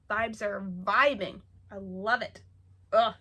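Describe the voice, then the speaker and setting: Bright-voiced, gushing young woman vlogging. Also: medium pitch, slow pace. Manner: chatty and gushing, many fillers and repeated words. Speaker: book vlogger. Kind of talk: casual monthly reading wrap-up. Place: home.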